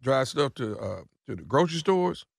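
A man's voice: mid-range voice, sing-song, moderate pace, creaky, slightly rough, no echo, clean studio sound. A man on a radio show making a prank phone call, talking in laid-back street slang and stumbling over repeated words.

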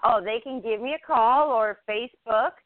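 A woman podcast guest talking earnestly and upbeat about her plans, often halting and restarting. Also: a little high, slight background noise. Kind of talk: casual interview. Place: home. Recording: dry, phone-like line.

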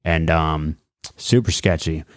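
Deep-voiced man in his late twenties. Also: slow pace, no echo, studio quality. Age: late 20s. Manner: rambling, many fillers and acted-out quotes. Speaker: guest, mixed martial arts fighter. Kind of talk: casual storytelling.

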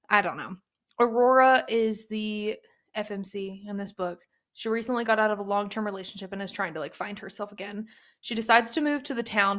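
A young woman chatting casually about books she loves, lively and talkative, slipping into the characters' lines as she retells scenes. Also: mid-range voice. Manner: chatty, animated, acts out characters' lines in quick asides. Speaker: book reviewer. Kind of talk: casual book recommendation chat.

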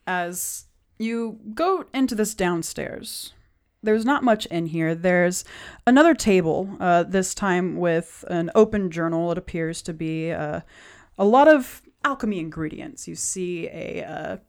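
Woman, game master, tabletop game narration, descriptive, halting with fillers. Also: fairly low pitch, lively intonation, a little mellow.

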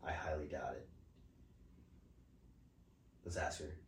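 A man's voice: very deep voice, steady tone, unhurried. A man co-hosting a podcast, chatting casually with teasing, joking banter. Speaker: podcast co-host. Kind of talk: casual chat. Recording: broken mic, roomy and distant.

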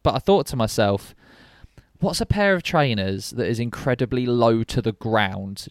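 A man's voice: medium pitch, lively intonation, normal speed, dry recording. Brief: male podcast co-host, young adult, casual and joking, dry close mic. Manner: chatty, jokey, rambling with fillers.

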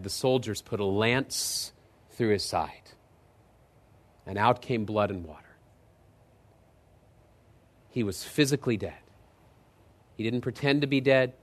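A man pastor preaching a sermon, telling stories with animated delivery that climbs high and loud in retold scenes, then drops low and soft for solemn points.

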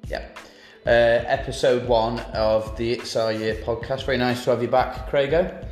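A man's voice: mid-range voice, steady tone, normal speed, darkish tone, roomy sound, soft background music. A man hosting a casual football podcast, teasing his co-host with jokey banter.

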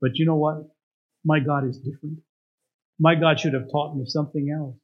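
A man's voice: a little high, little pitch movement, moderate pace. A man preaching a storytelling sermon as pastor, often asking the congregation rhetorical questions. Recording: dull lo-fi recording.

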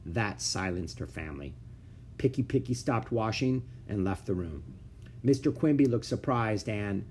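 A man reading a children's book aloud with expressive storytelling. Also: on the low side, moderate pace, slight background noise. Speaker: narrator.

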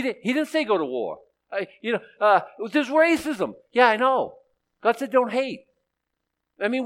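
A man in his sixties delivers a sermon with a lively, swooping voice that climbs and dips. His pitch sits a bit high for a man. He reads scripture and then breaks off into emphatic, sarcastic asides. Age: 60s. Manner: reads scripture aloud in older English. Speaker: pastor.

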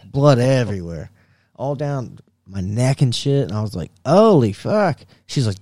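A man's voice: medium pitch, sing-song, slow pace, pauses often, dark tone, dry recording, studio quality. A man on a podcast casually telling a wild story, swearing a lot, laughing and acting out what people said. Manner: profane, laughing, acts out quoted voices. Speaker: podcast co-host.

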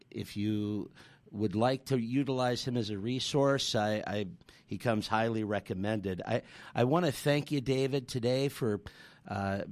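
Halting radio talk host, dry close sound. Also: male voice, medium pitch, a little mellow, dry recording. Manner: halting, with many fillers and restarts, then telling a story. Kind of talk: radio talk show hosting.

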